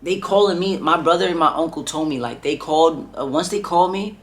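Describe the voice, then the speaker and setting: A young man tells a story to his vlog audience in a loose, rambling way, leaning on "like" and "bro" between phrases. His voice sits a little higher than most men's. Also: brisk. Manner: rambling, heavy on filler "like" and "bro". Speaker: vlogger.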